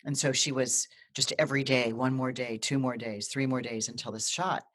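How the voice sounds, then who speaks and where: Co-host, mid-pitched, casual animated storyteller, trips over words and restarts a lot. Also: moderate pace. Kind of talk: casual live video chat, telling a personal story.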